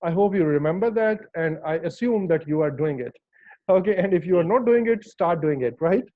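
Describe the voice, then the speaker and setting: A man's voice: high-pitched, animated, fairly quick, no echo. A man teaching English pronunciation in an online lesson, patiently repeating words and checking that his students follow. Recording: dull lo-fi dry sound.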